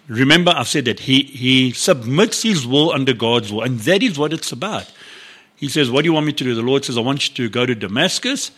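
Animated preaching man. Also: mid-range voice, brisk. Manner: animated storytelling, acts out biblical dialogue with laughs. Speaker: pastor. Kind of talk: sermon.

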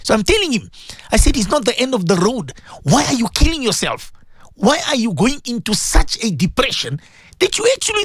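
A man's voice: very high-pitched, wildly swooping pitch, a little fast, a bit bright, slightly rough, no echo, studio quality. A man hosting a radio talk show as a Muslim cleric, telling a story with emotion and religious phrases.

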